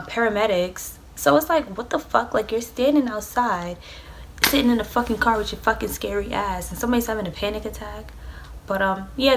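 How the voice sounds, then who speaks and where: A young adult woman vlogger telling a storytime tale, rambling and swearing, with lots of "like". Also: medium pitch. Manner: rambling, profane, filled with "like". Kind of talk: storytime vlog.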